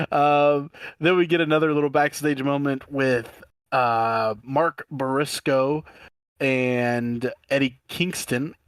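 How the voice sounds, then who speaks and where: A man's voice: mid-range voice, fairly bright tone, clean tone, dry recording. Laid-back man recapping wrestling, dry sound. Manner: rambling, laughs often, recounts segments with quoted lines. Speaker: podcast co-host. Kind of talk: casual wrestling recap chat.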